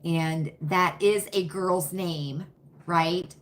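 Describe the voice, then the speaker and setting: A woman's voice: lowish voice, steady tone, very slow, a little hiss or hum. A woman hosting a live stream, chatting folksily with viewers and answering their comments by name. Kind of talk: casual chat with live viewers.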